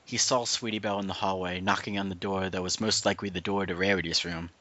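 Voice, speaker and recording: Deep-voiced man reading a story. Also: fairly even intonation, fast, sharp tone. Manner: narrates plainly with laughs and asides. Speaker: reader, channel host. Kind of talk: casual reading aloud.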